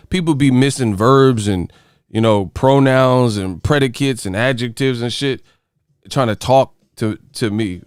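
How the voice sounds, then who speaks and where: A man's voice: medium pitch, clean tone, dry recording, studio quality. A man hosting a livestream, reading the chat aloud and ranting at viewers in a profane, mocking way. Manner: profane, mocking, animated rants. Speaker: host.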